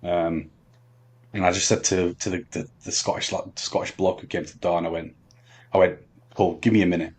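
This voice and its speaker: A man telling a long story on a podcast, halting with many ums and restarts. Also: deep voice, flat delivery, slightly rough. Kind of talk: casual storytelling chat.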